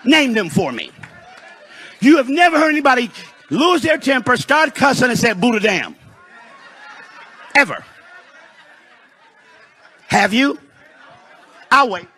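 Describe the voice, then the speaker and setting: A pastor from Detroit preaching a sermon in a church, rising into shouted, sung peaks and slowing for emphasis. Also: male voice, extremely high pitch, very animated, husky, some chatter behind. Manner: preaching with shouted, sung rises and dramatic slowdowns. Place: church sanctuary.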